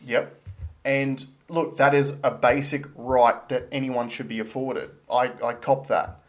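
A man's voice: mid-range voice, level tone, measured pace. A man co-hosting a casual podcast chat, earnest and blunt, pressing with questions. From Australia. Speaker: podcast co-host.

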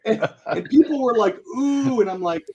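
A man, a retired Air Force NCO, telling old stories to friends in a lively, laughing, swearing way. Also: high voice, normal speed, lo-fi sound, a crowd in the background. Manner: animated, laughing, swearing, acting out quotes. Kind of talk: casual storytelling among old friends.

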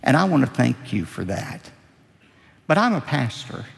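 A preacher quoting an earnest pastor pleading. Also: male voice, medium pitch, sing-song, a little slow, gravelly, exaggerated voice. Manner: polite, firm pleading. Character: earnest male pastor on vacation. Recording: long reverb of a large hall.

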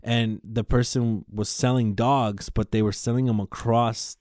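A man hosting a podcast, telling a story in a rambling, profane, animated way. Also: mid-range voice, unhurried, no echo, studio quality. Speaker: podcast host.

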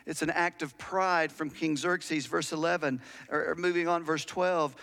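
Male pastor, high voice, chatty storytelling sermon, long hall reverb. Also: steady tone, moderate pace, vocal fry, few pauses, fairly bright tone. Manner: conversational storytelling preacher, asks the audience questions.

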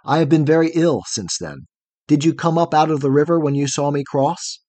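A man voicing a young man who is frightened of the dark and speaks in a fearful, pleading way. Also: on the high side, brisk, dry recording, natural voice. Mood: grateful.

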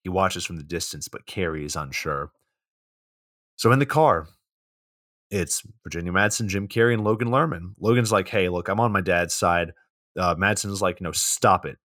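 A man with a low voice retells a movie plot for a podcast, tossing in sarcastic asides and quick impressions of the characters. The sound is dry and close, with no room echo. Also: a bit bright. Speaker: podcast co-host. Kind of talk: casual movie recap.

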